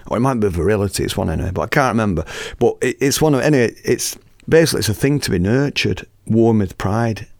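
A man in his fifties hosting a podcast, telling a story in a lively, casual way, acting out the scene and swearing freely. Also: lowish voice, vocal fry, dry recording, clean studio sound. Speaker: podcast host and musician.

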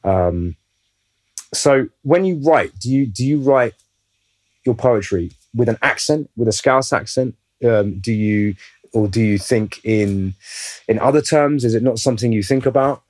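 A man's voice: mid-range voice, a little slow, a little mellow, no echo, rough recording. A man, an actor leading a casual interview, who speaks in a thoughtful, reflective way and sometimes searches for his words.

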